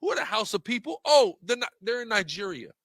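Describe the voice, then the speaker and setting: A man's voice: sits high, very animated, brisk, vocal fry, fairly bright tone, no room sound, studio quality. A man giving an impassioned, rhetorical monologue while walking through slides, repeating questions for emphasis. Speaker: religious debater presenting slides.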